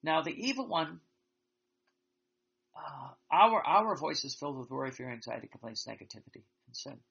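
A man giving an earnest, reflective spiritual talk, slow and halting with many restarts. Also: on the high side, creaky, fairly bright tone, breathy edge. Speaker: religious teacher. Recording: dull lo-fi sound.

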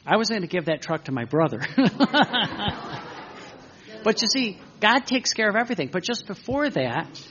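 A man's voice: high-pitched, big pitch swings, moderate pace, long pauses, fairly bright tone. A man teaching a seated group in an informal spiritual talk, rambling through anecdotes with self-corrections and joking asides. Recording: dull lo-fi recording.

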